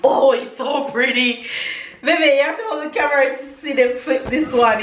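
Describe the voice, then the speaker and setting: A woman's voice: sits high, moderate pace, few pauses. A young adult woman making a casual cooking vlog at home, chatty and giggly, humming little tunes as she goes. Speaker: vlogger. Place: home kitchen. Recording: echoey kitchen, faint noise.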